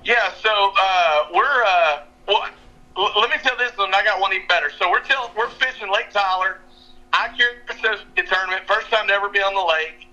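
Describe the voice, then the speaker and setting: A man's voice: sits high, normal speed, pushed and bright. A young man with a drawl, laughing as he tells a fishing story over a call. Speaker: fishing guide and podcast regular. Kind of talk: casual storytelling. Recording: muffled phone-line call.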